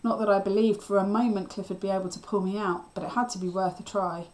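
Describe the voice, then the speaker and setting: A woman teacher reading a children's novel aloud with steady storytelling. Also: mid-range voice, fast.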